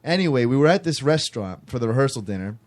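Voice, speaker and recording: A man's voice: medium pitch, very animated, fast. A man telling a story in casual podcast chat, rambling with frequent restarts and fillers.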